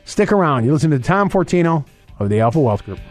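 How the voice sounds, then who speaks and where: A man hosting a financial advice radio show, talking fast and rambling, with many restarts and fillers. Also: a little high, big pitch swings, faint music behind. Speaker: radio show host and investment advisor.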